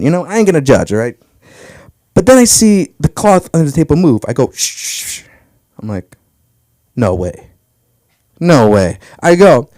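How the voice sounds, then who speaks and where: A man's voice: a little high, darkish tone, no room sound, clean studio sound. A young man telling crude, brash stand-up stories about his family on a comedy club stage. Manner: brash storytelling, crude punchlines.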